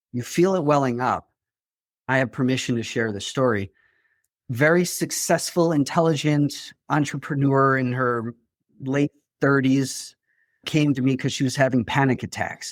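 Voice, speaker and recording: A man's voice: mid-range voice, no echo, clean studio sound. A man, a therapist and grief coach, explaining his work as an interview guest in an earnest way, with small restarts.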